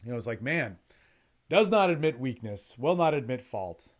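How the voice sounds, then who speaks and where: A man coaching other men, telling a blunt and profane story in a casual monologue recorded on an online call. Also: medium pitch. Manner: blunt, profane, animated, quick-talking storyteller with many restarts. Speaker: dating and men's development coach.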